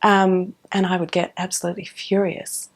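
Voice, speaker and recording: A woman's voice: on the low side, normal speed, breathy edge. Woman fondly recalling her cello. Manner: warm, animated, with frequent ums and restarts. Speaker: professional orchestral cellist. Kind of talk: reflective interview storytelling.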